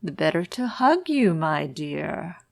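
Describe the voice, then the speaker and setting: A cunning big wolf speaks slowly from a storybook, as a woman puts him on. His lines come out coaxing and sly, pitched lowish and recorded dry and close. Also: very animated, vocal fry, a little mellow, dry recording, heavily acted. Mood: menacing. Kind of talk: storybook read-aloud.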